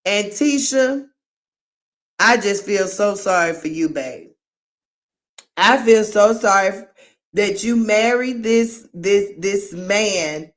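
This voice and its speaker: A woman hosts a live reaction commentary, talking in an unhurried, drawn-out way. She is frank and exclaiming, breaking into laughing asides as she reacts. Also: mid-range voice, a bit bright. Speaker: host.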